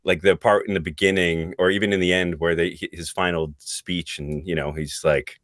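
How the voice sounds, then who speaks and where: Middle-aged guy, really low voice, dry close sound, thinking out loud on a podcast. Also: flat delivery, moderate pace, no room sound. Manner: reflective, searching for words. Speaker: voice actor guest. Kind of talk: casual podcast interview.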